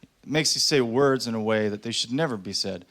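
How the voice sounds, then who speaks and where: A man doing a stand-up comedy set on stage, sarcastic with deadpan asides. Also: medium pitch, brisk. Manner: sarcastic, deadpan asides between acted quotes. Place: comedy stage before a live audience. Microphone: handheld stage mic. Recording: stage mic with audience noise. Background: audience laughter.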